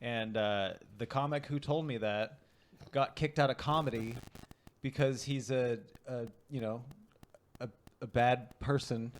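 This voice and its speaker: A man hosting a podcast, cracking deadpan jokes in a halting way full of fillers. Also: medium pitch, slight background noise. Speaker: podcast host. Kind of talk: casual podcast banter.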